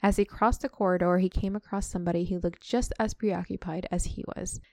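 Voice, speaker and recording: A woman's voice: on the low side, steady tone, a little fast, warm tone, no echo, clean studio sound. A woman hosting a podcast, summarizing a book aloud and breaking off for casual chat with her co-hosts. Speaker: podcast host retelling a book.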